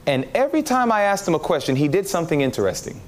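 High, lively-voiced man preaching a testimony. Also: fast talker, slight background noise. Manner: animated storytelling, acting out his past reactions. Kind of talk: testimony sermon.

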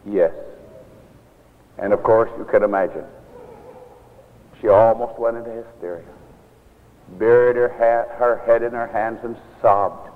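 A male minister tells a story in a sermon at an earnest, measured pace, his voice in the middle range. It is a tinny, lo-fi recording with a long reverb tail from a church hall. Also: medium pitch, fairly even intonation.

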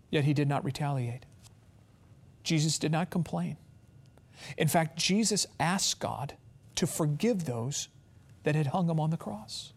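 A man preaching as pastor, reading scripture aloud and stressing phrases with slow, drawn-out emphasis. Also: fairly high pitch, a little mellow. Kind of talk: sermon.

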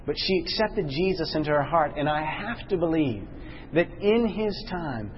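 A man leading a Bible study class, questioning his listeners and slowing down and dropping low to stress a point. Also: animated, muffled recording, a little hiss or hum. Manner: questions the class, slows and drops low for emphasis.

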